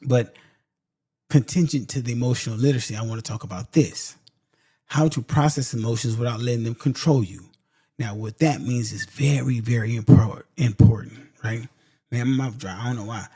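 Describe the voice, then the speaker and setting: A man's voice: medium pitch, normal speed, warm tone, husky, no echo, studio quality. A man hosting a podcast, giving a casual motivational talk straight to his listeners, driving points home by repeating them. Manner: emphatic, repeats points for stress; casual, addresses listeners directly as y'all. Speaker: podcast host.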